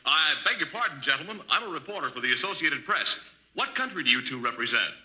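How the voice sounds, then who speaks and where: A brusque, fast-talking newspaper reporter, played by a radio actor, with a low voice that swings widely in pitch. He fires questions bluntly. The sound is a dull old radio transcription. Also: sing-song, pushed and bright, exaggerated voice. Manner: brisk, blunt.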